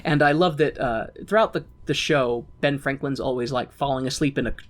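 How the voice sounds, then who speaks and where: A man's voice: mid-range voice, brisk. A young man co-hosting a podcast, recapping a musical in casual chat, laughing often and acting out the characters in silly voices. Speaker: podcast co-host.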